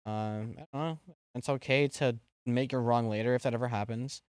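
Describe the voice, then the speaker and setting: A man's voice: mid-range voice, steady tone, moderate pace, darkish tone, clear, resonant tone, no room sound, studio quality. Laid-back rambling man streamer. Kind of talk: casual live-stream chat reading.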